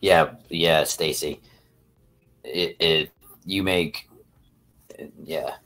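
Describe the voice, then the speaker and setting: A man with a remarkably deep, low voice hosts a casual livestream, chatting straight to his viewers. He rambles and swears freely, circling back on his thoughts as he goes. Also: fairly even intonation, very slow, a bit bright. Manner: rambling, profane, talks to chat. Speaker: livestream host.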